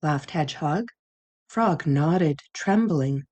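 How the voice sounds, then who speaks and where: Storybook narrator, woman, low, unhurried, mellow, gentle. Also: expressive. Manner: gentle, measured, with sound effects. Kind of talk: children's storybook reading.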